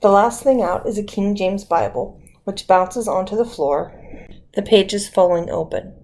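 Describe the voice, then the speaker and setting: A woman reading a mystery novel as an audiobook, measured and dramatic. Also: medium pitch, darkish tone, rough recording. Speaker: audiobook narrator. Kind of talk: scripted narration.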